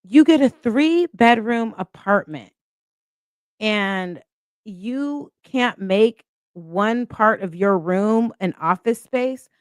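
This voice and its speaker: A woman's voice: medium pitch, animated, slow pace, smooth, dry recording, clean studio sound. A woman hosting a casual live stream, chatting and reading viewer comments aloud.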